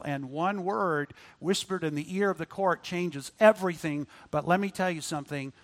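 A man preaching a sermon, moving between loud emphatic lines and quiet asides. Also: a little high.

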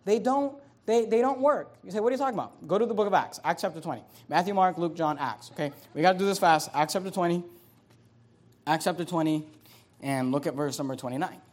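High-pitched emphatic man preaching a sermon. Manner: emphatic preaching, slows and rises on key phrases; conversational asides with repeated verse references. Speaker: pastor.

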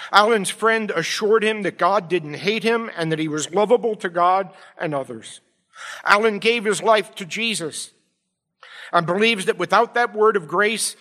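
Pastor guy preaching, bright forceful voice, big echoey church sound. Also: high-pitched. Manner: emphatic preaching, swings from quiet to loud. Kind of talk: sermon. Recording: long hall reverb.

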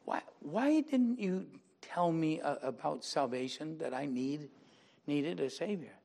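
A man's voice: a little high, expressive, measured pace, creaky, a little mellow. An older man, a pastor, preaching a sermon and telling a personal testimony, acting out the people he quotes in dialogue and rising into emphatic preaching.

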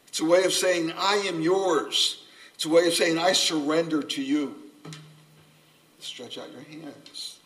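An older man preaching a sermon, earnest and gently humorous, a self-described subdued speaker. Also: a little high. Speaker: pastor. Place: church sanctuary. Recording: voice from a distance off the mic.

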